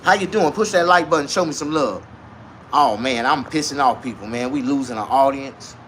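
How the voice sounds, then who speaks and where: Loud crude man ranting to camera. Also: medium pitch, normal speed, slight background noise. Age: 40s. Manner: loud, crude, animated street slang. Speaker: vlogger. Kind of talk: casual comedic rant to camera.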